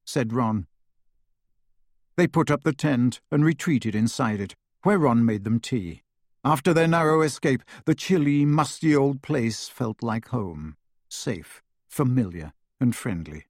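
A man narrating an audiobook with an expressive reading, recorded close to the mic. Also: medium pitch, measured pace, no echo.

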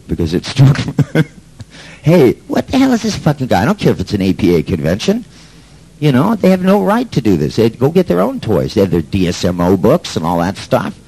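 A man's voice: sits low, a little mellow, slightly rough, low-quality recording. A man telling a story to an audience in a brash, sardonic way, swearing freely. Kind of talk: profane storytelling talk.

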